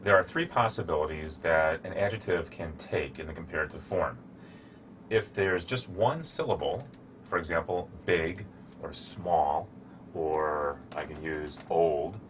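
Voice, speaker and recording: Slow, deep-voiced man teaching English. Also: a bit bright, a little hiss or hum. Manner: shows objects to camera while explaining. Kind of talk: slow, deliberate teaching explanation.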